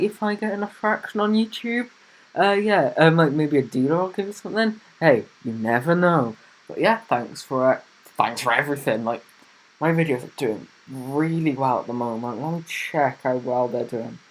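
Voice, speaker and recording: A young man hosting a casual car review vlog, talking in a rambling, chatty way with plenty of fillers. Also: medium pitch.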